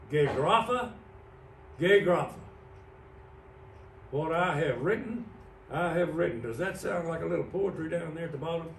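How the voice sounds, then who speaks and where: Man, pastor, sermon, very slow delivery, reverberant sanctuary, faint background noise. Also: on the high side, gravelly. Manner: explains slowly, pointing out words on a screen. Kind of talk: evening sermon with Bible teaching. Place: church sanctuary. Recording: roomy church sound from a distant mic.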